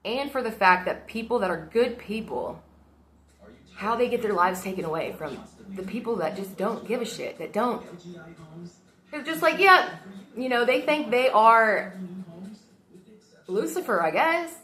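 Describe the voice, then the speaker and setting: A vlogger rants casually into her phone camera, heated and emotional and swearing often. Her mid-range voice is animated and a bit bright, at a moderate pace.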